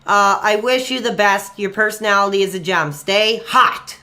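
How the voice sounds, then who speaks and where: A man with a high, bright voice hosts a livestream and takes callers' calls. He talks in a chatty, excitable way and is quick to flare up. Playful banter can give way to heated outbursts. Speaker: livestream host taking calls. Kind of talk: casual call-in chat.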